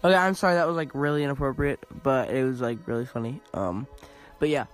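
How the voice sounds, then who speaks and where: A man's voice: mid-range voice, fast, faint music behind. A man hosting a casual video, telling childhood stories in a rambling, giggly way with lots of fillers. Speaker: host. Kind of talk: casual storytelling.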